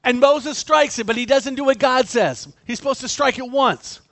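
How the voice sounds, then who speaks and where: A man preaches with a high, bright voice, animated and acting out the people he quotes. The sound is dry and close, with no room around it. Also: moderate pace, dry recording. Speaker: pastor. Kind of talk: sermon.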